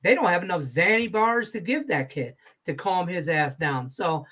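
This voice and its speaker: A man's voice: high-pitched, normal speed, bright, forceful tone. A man hosting a sports betting show in casual, profane, rambling chat, laughing easily.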